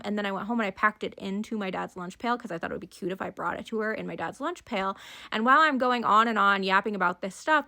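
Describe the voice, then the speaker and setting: A woman in her thirties telling family stories in a casual monologue, sarcastic and deadpan on the punchlines. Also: mid-range voice, vocal fry. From Idaho, US. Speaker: storyteller.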